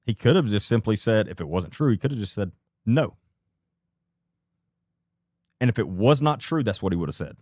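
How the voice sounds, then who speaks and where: Man, low voice, dry close sound, blunt live-stream commentator; swears, repeats his questions. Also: lively intonation, fast talker, hardly any pauses, darkish tone, no echo.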